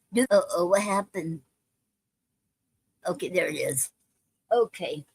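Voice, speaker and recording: A woman's voice: on the high side, no room sound, rough recording. A woman hosting a casual live stream, talking with many ums and restarts.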